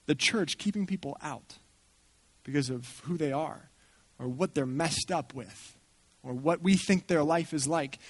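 A man speaking at a church gathering, telling a story in an animated way and acting out the people he quotes. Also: a little high, dry recording. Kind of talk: storytelling talk.

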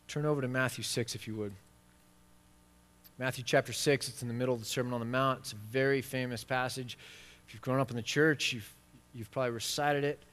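A man preaching a sermon in a church sanctuary, his voice ringing through a long hall reverb. He moves between soft, low asides and loud, emphatic stretches when he drives a point home. His pitch sits in the middle range for a man. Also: fairly even intonation, brisk. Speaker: pastor.

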